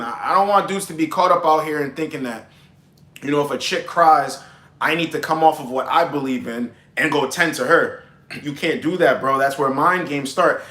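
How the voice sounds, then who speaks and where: Blunt, emphatic male advice vlogger, bright tense tone, roomy echo. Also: fairly high pitch. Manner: blunt, emphatic, calls listeners bro. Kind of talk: casual advice monologue.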